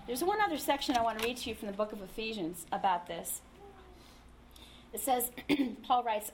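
A woman preaching a sermon in a conversational, humorous way, acting out little quotes as she teaches. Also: on the high side.

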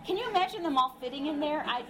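A woman's voice: high voice, expressive, fast talker, very noisy. A woman preaching a sermon in a conversational, humorous way, acting out little quotes as she teaches.

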